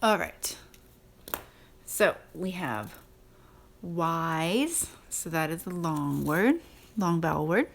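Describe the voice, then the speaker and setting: A woman's voice: deep voice, expressive, slow pace, vocal fry, pauses often, a little hiss or hum. A woman teacher giving a recorded spelling lesson, patiently sounding out words and sorting them aloud.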